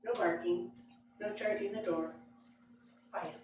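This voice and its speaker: A woman's voice: mid-range voice, a little slow, noisy background. A woman telling a story to a live audience, acting out the scene with voices. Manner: expressive, acts out the scene with voices. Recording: very echoey room, far mic, audible ambience. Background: room ambience and audience laughter.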